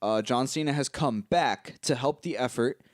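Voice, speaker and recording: A man co-hosting a podcast, retelling film scenes in an animated, casual way and laughing as he goes. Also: mid-range voice, moderate pace, dry recording, studio quality. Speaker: podcast co-host. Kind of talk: casual film recap chat.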